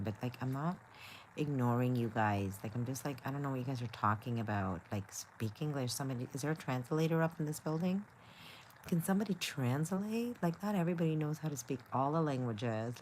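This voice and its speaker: A woman's voice: a bass voice, darkish tone, a little hiss or hum. A woman hosting a live stream in a playful, chatty way, reading viewer comments aloud and peppering her talk with "like" and "you know". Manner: frequent "like" and "you know" fillers. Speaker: livestream host. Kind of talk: casual live-stream chat.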